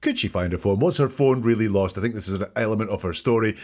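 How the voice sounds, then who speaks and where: A man's voice: fairly low pitch, fast talker, a little mellow. A man hosting a podcast, methodically picking apart the wording in another person's statements. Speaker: podcast host. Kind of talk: analytical commentary.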